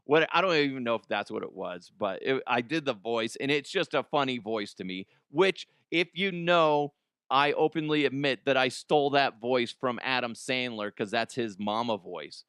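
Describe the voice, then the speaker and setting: A man's voice: medium pitch, expressive, normal speed, a bit bright, smooth, no room sound. Forties guy ranting and joking, curses a lot, very dry sound, no room at all. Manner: profane, rambling, laughs at own jokes. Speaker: comedy podcast host. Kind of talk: casual comedic monologue.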